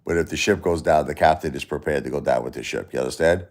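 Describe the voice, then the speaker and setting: Hosting a casual livestream, a man with a Brooklyn New York accent chats with viewers and reads their comments aloud, animated and tossing out mock-Italian tough-guy phrases. His voice rumbles low and he talks fast.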